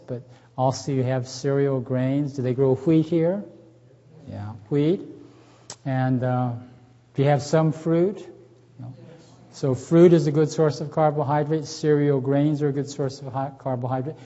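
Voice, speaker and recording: His voice is medium-pitched and mellow, unhurried, with fairly even intonation. The middle-aged man runs a folksy, chatty health seminar in a church hall, asking the live audience questions and cracking jokes, all on a dull lo-fi recording in a reverberant space.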